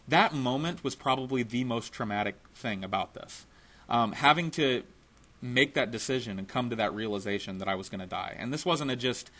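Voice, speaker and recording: Lower-voiced man telling a profane story. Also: fairly bright tone. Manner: casual, profane, laughing now and then. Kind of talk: personal storytelling.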